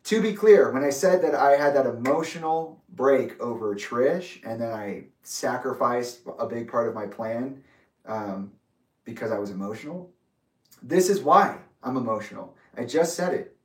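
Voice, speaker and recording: A man's voice: mid-range voice, lively intonation. Man reading a letter in an echoey room. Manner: measured, deliberate and methodical. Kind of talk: reading his own letter aloud with asides. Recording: roomy echo, distant from mic.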